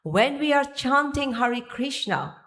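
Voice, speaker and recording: A woman's voice: high voice, expressive, slow, fairly bright tone. Woman giving a devotional temple lecture. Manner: searching for pages, restarting phrases. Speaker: speaker giving a temple class. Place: temple hall.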